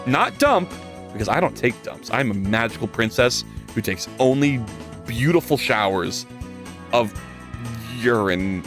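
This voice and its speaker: A man's voice: mid-range voice, a little slow, soft background music. A man streaming live while coding, chatting casually with viewers and reading their messages aloud. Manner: animated, jokey, reads chat aloud and rambles. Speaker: livestreamer.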